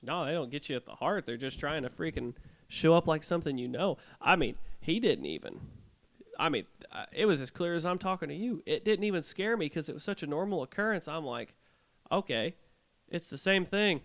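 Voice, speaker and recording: A man co-hosting a podcast, casually rambling through eerie personal experiences in an animated way. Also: on the high side, brisk. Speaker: podcast co-host. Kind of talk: casual storytelling.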